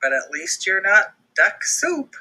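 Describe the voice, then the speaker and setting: A kind, motherly storybook woman speaks in a low, gentle and soothing voice, as a woman reads her aloud. The voice is breathy and slow. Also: sing-song, full character voice.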